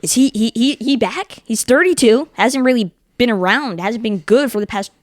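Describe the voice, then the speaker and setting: A young man co-hosting a casual sports talk show, eagerly explaining teams and tournaments in quick runs of facts. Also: very high voice, no room sound, studio quality.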